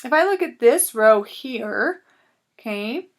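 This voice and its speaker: Lady teacher doing a phonics lesson for little kids, sounds out each word slow and clear, slightly high voice. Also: expressive. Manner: patient, clear, sounds out words slowly. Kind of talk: recorded reading lesson for young students.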